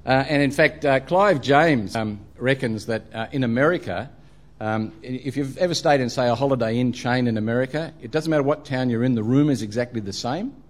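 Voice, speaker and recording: A man's voice: medium pitch, a little fast. A middle-aged Australian man preaching a sermon, telling funny travel stories with plenty of ums and uhs. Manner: humorous storytelling, frequent ums and uhs. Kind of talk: sermon with anecdotes.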